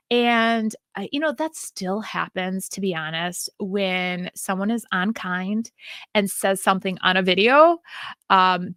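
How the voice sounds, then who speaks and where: A woman's voice: mid-range voice, sharp tone, dry recording, studio quality. A podcast host, a woman from Wisconsin with a Wisconsin accent, talking in a chatty, sing-songy way with many fillers. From Wisconsin, US Midwest. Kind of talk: casual solo podcast monologue.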